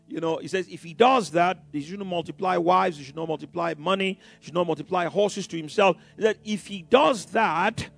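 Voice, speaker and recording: Male preacher, exuberant and halting, with a high, gravelly voice. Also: soft background music. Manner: exuberant, rallying the congregation, bursts of emphasis; halting, with many fillers and restarts. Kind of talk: sermon.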